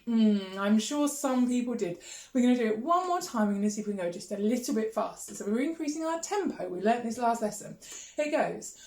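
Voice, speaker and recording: A woman's voice: on the high side, expressive, fast talker, darkish tone, reverberant. A woman teaching an online music lesson, encouraging and singing rhythms with her class. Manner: encouraging, sings and claps rhythms.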